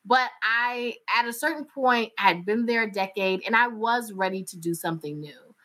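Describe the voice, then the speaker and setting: Woman, North Carolina Southern accent, bright voice, candid, animated, interview talk. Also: fairly high pitch, normal speed. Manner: candid, animated, laughs often. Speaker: radio journalist. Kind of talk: interview conversation.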